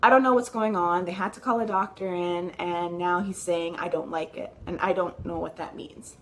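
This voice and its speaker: A woman vlogs to the camera, chattily recounting a nervous, upsetting visit in a rambling way, full of "like" and restarted sentences. Her voice is lowish and a bit bright with a steady tone and moderate pace, with slight background noise.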